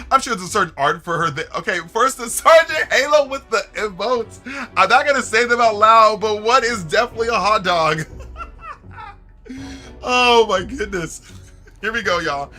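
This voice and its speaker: Bright, lively young male game streamer. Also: high voice, moderate pace, soft background music. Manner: animated, laughing, reads game dialogue aloud and jokes to chat. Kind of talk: casual let's-play commentary.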